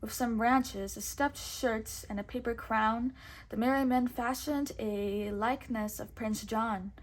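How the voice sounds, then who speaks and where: A woman reading a storybook aloud with expressive, measured narration. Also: on the high side.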